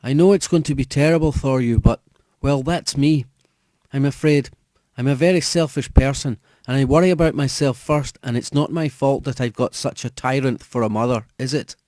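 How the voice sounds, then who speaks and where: A scheming young woman who coaxes and teases, pitched well above the reader's own voice, as a male narrator puts her on. The tone stays mellow and warm, in a dry, close recording. She sounds coy and calculating. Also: moderate pace, no room sound, close to an everyday voice. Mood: coaxing. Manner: coaxing, calculating, teasing.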